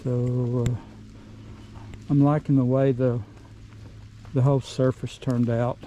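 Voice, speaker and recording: Middle-aged guy out of breath, slow rambly talk outdoors, faint outdoor noise behind. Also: mid-range voice, level tone, warm tone, poor audio. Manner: rambling, plain-spoken, pauses and restarts. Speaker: vlogger. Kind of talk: casual outdoor work vlog. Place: outdoors in woods.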